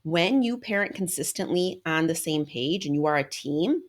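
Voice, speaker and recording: A woman's voice: low-pitched, expressive, normal speed. A woman in her thirties hosting a solo podcast, speaking earnestly and directly to listeners as a coach. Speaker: podcast host. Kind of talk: solo podcast talk on parenting.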